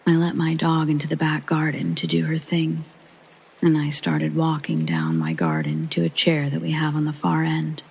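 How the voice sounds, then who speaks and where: A narrator reading a first-person paranormal story in a soft whispered sleep-story style, with a breathy half-whisper. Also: mid-range voice, moderate pace, low-quality recording.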